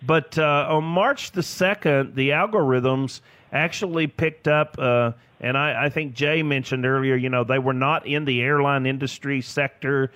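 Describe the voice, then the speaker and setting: A man's voice: mid-range voice, measured pace, fairly bright tone, no room sound. A man, chatting enthusiastically as a financial advisor guest on a radio show. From Tennessee, US. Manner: enthusiastic, laughs often. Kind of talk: casual radio chat.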